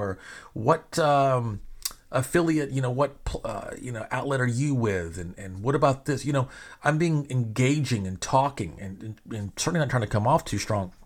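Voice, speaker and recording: A man's voice: medium pitch, a bit bright. A middle-aged man from Arkansas, rambling in an exasperated casual monologue to listeners, swearing freely and laughing now and then. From Arkansas, USA.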